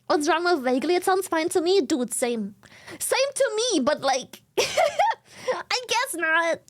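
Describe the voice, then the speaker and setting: A woman's voice: very high-pitched, sing-song, slow pace. Giggly German-accented young woman streamer. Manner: giggly, laughs often; chatty, thanks viewers repeatedly. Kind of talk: casual stream chat.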